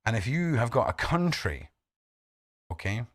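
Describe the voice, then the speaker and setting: A man's voice: medium pitch, very animated, a little slow, a bit bright, no echo, clean studio sound. A man hosting a livestream, talking bluntly and swearing freely as he greets viewers by name. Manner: greets chat members by name. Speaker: livestream host. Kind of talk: casual livestream talk. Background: faint background music.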